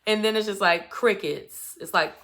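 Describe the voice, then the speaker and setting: A woman's voice: medium pitch, normal speed, heavy background noise. A woman giving a casual, chatty recap of a reality show, telling it expressively with lots of asides. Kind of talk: casual commentary.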